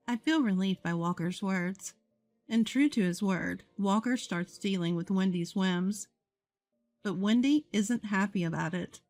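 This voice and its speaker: In a calm, measured tone at a middle pitch, a woman tells a story in the first person. The recording is dry and close-miked with no echo, and soft music plays faintly beneath her.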